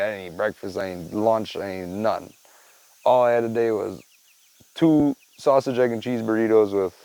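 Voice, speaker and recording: A podcast host with a low-ish, creaky, warm voice tells stories casually, rambling and cursing in a laid-back way while tacking on "man" and "dude." There's no echo, but the recording quality is low.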